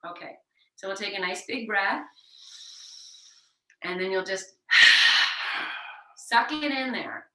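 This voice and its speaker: A woman teaching a yoga class, giving gentle, encouraging breathing cues and demonstrating breath of fire out loud. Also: medium pitch, unhurried, long pauses, very noisy. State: sweating from exertion. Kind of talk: guided yoga class instruction. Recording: roomy echo, voice heard from a distance.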